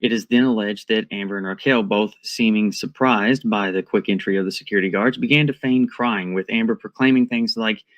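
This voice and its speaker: Measured, analytical man narrating a commentary. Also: on the low side.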